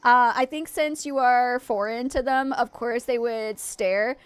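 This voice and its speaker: A woman streaming and chatting casually with her viewers, frank and quick to vent. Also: fairly high pitch, fairly even intonation, clear, resonant tone, dry recording. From United States.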